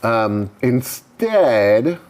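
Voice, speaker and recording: A man narrates his board game turn out loud, weighing each move before committing to it. He speaks slowly and drags out his phrases, yet his pitch stays lively and varied throughout. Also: slight background noise. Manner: deliberate, thinks aloud over his moves. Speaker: co-host. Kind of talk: casual chat while playing a board game.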